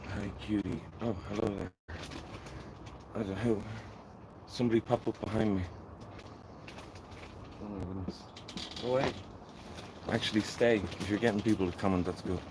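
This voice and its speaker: A man's voice: on the low side, fairly even intonation, moderate pace, pauses often, noisy background. A man with a Dublin accent hosting a gardening live stream, chatting and rambling to his viewers while he sows seeds. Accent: Dublin Irish. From Ireland. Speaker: gardening channel host. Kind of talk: casual live-stream chat.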